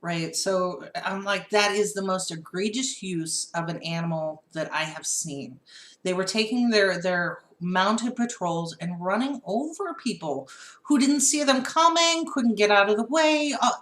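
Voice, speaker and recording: A woman's voice: mid-range voice, unhurried. Chatty woman in an echoey room. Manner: animated, laughing, storytelling. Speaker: podcast co-host. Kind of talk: casual political chat.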